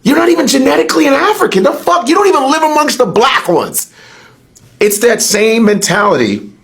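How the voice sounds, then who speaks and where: A man's voice: very high-pitched, very animated, a little fast, vocal fry, fairly bright tone. A man born in the United States, ranting heatedly and profanely on a podcast, with emphatic outbursts.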